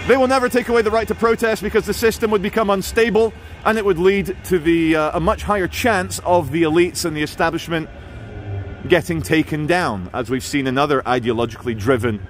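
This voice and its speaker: A man walking through city streets as he films a vlog, talking in a chatty, sardonic way with mocking asides, into a handheld camera mic. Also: on the high side. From England. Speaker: street vlogger. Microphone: handheld camera mic while walking. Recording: faint street traffic noise behind.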